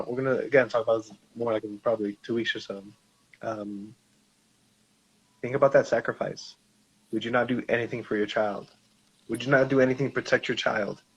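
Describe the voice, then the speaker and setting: A man's voice: mid-range voice, husky. A man co-hosting a discussion show, telling a personal story in a casual way and acting out the dialogue. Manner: animated storyteller, acts out quoted dialogue. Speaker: podcast co-host. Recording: slightly dull, lo-fi sound.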